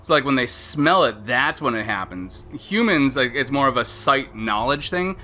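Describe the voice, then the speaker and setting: Male game streamer, bright tone, loose self-mocking chatter with casual swearing. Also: mid-range voice, lively intonation, moderate pace. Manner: rambling, chatty, laughs at himself. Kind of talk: casual live-stream commentary.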